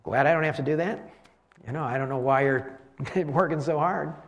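A man's voice: a little high, moderate pace, close to an everyday voice. A man doing a scared, lazy servant. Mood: smug. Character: fearful lazy male servant, plays it safe.

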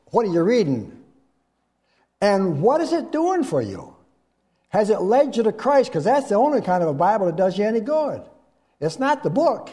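A man preaching a sermon, swinging from loud emphatic lines to hushed low ones and asking listeners to fill in the words. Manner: asks the congregation to fill in words.

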